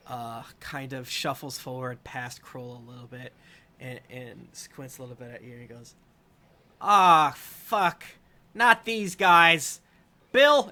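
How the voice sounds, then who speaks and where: A man's voice: mid-range voice, fairly bright tone. A man narrating a tabletop game as dungeon master, rambling and filling gaps with ums and uhs. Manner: rambling, full of fillers.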